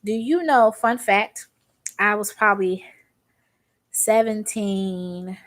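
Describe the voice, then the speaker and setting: A young woman from Arkansas talks her way through a makeup routine, chatty and rambling. She drifts into stories in a relaxed vlogger's voice, with some Southern slang. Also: mid-range voice, slow pace. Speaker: beauty vlogger. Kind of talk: chatty makeup tutorial storytelling.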